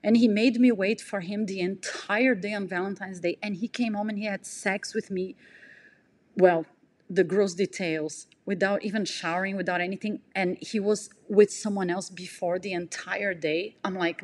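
A woman telling a personal story in an emotional, breathless way, jumping in pitch as she acts out what people said. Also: steady tone, moderate pace, a little mellow. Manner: emotional, breathless retelling, acts out quotes with big pitch jumps. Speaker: podcast storyteller.

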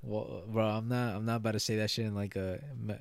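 A young man in his twenties co-hosting a podcast, chatting casually with slang and frequent swearing, getting animated in his rants. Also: lowish voice, fairly quick, vocal fry, smooth, no room sound. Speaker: podcast co-host. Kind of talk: casual chat.

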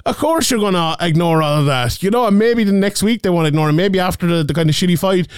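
Podcast host, lively chatter, lots of laughs, smooth higher voice, dry close mic. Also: male voice, fast talker, no room sound. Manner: animated, laughs often, swears, restarts a lot. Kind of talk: casual MMA podcast chat.

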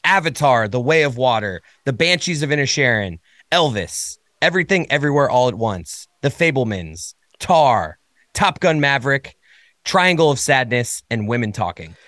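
A man's voice: medium pitch, very animated, moderate pace, fairly bright tone, no room sound, studio quality. A man co-hosting a podcast, giving short casual replies and reading out lists. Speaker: podcast co-host.

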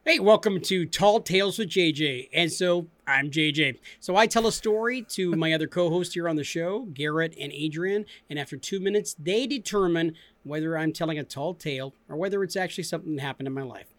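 A man's voice: a little high, a little fast, few pauses, fairly bright tone, dry recording. A man in his forties, a podcast co-host, telling a story in a laid-back way and laughing often. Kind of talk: casual storytelling.

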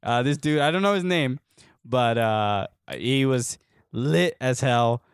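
Animated but slow-paced, this young American co-host of a casual soccer podcast has a medium-pitched, clean voice and spins a rambling, laugh-filled story loaded with fillers. The sound is dry and clean, like a studio.

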